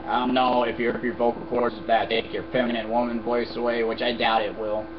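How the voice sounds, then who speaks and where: A young man talks straight to his webcam in a casual rant, blunt and full of swearing as he rambles through viewer questions. His voice sits at an ordinary pitch for a man. The audio is muffled and lo-fi, with a steady noise under it. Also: a little fast. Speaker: vlogger answering viewer questions.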